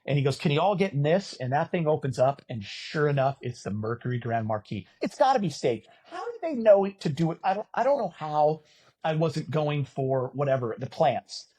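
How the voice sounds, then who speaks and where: A middle-aged man telling a story as a podcast guest in a casual, animated way, cursing and poking fun at himself. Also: a little high, a little fast, husky. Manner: animated, profane, self-mocking. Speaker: podcast guest, former volleyball player and announcer.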